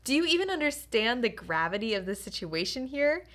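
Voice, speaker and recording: A woman's voice: a little high, sing-song, fairly quick, a bit bright. A woman reading the part of an annoyed young woman in a script table read. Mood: indignant.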